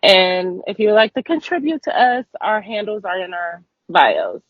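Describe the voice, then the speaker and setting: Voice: mid-range voice, very animated, moderate pace, no echo, dull audio. A guest in a remote interview, talking in a heartfelt, rambling way with casual slang. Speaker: guest, mutual aid organizer.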